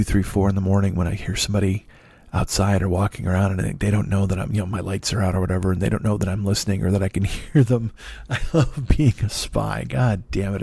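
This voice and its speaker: A man in his forties rambles through a solo podcast monologue in a low voice, cursing casually and laughing at his own failings. The sound is close and dry, with no room around it. He wanders from thought to thought in a loose, confessional way. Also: gravelly, dark tone, husky, dry recording. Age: 40s. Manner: profane, self-deprecating, meandering. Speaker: comedian podcast host. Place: dark apartment.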